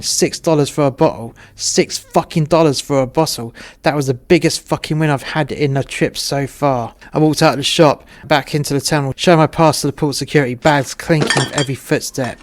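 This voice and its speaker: A man's voice: fairly high pitch, steady tone, a little fast, few pauses. A man narrating a first-person story in a blunt, conversational way, swearing freely.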